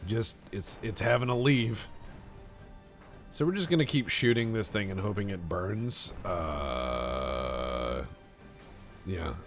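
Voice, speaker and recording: A man's voice: sits low, animated, takes it slowly, faint music behind. A man streaming a naval strategy game, giving playful, rambling commentary with jokey asides to his chat. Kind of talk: casual live-stream commentary.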